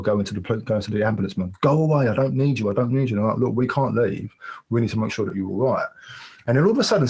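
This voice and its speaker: A man recounts a hard personal episode at a quick clip, in a low and husky voice. He rambles openly and acts out the other people's lines as he goes. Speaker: podcast guest. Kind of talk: personal storytelling.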